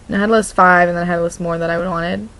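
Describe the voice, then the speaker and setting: A young woman from Oregon telling a story in a casual vlog, her voice sitting on a steady vocal fry. She rambles, fills nearly every phrase with "like," and often stops to restart her sentences. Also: lowish voice, racing, rough recording. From Oregon, USA. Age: young adult. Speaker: vlogger.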